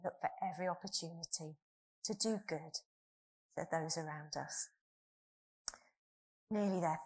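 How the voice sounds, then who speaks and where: A woman's voice: fairly low pitch, darkish tone. Earnest woman preaching. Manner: earnest, asks the congregation questions. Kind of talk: sermon.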